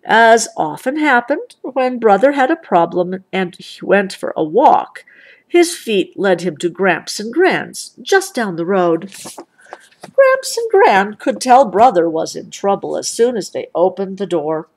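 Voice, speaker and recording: Woman, mother, storybook read-aloud, slow, lively pitch. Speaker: mother reading to her child.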